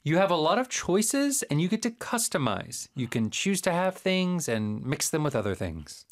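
A woman co-hosting an English lesson, talking in a relaxed, hesitant way with many fillers. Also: sits low, normal speed. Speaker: co-host. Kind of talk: casual teaching chat.

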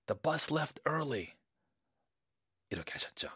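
A man's voice: fairly low pitch, sing-song, rapid-fire, pauses often, fairly bright tone, breathy edge, no echo. A man leads an English lesson, his voice jumping up and down as he acts out everyday reactions. He spells key words letter by letter. The sound is close and dry, with no room around it. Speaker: English teacher.

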